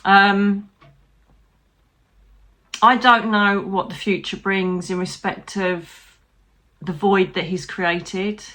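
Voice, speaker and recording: A woman's voice: mid-range voice, fairly even intonation, slow pace, pauses often, sharp tone. A British woman, a psychic medium, talking candidly and from the heart to her viewers, with frank swearing and light humour. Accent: British English. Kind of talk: personal vlog talking to camera.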